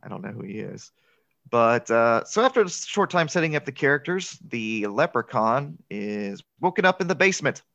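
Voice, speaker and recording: A man's voice: medium pitch, moderate pace, creaky, no room sound. Chatty man recapping a movie, dry lo-fi sound. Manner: chatty, laughs often, quotes lines in excited voices. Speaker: podcast co-host. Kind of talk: casual movie recap chat. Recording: dull lo-fi, dry.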